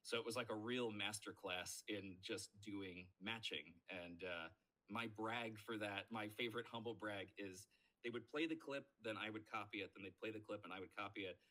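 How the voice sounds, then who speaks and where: A man in his thirties, a voice actor guest on a podcast, telling stories in a casual, animated way and acting out what people said. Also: lowish voice, normal speed. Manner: animated storyteller, acts out quoted voices. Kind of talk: casual podcast interview storytelling.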